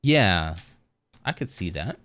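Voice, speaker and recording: A man's voice: sits low, sing-song, slow, a bit bright. A man streaming live, chatting casually with viewers in a rambling, easygoing way with lots of fillers.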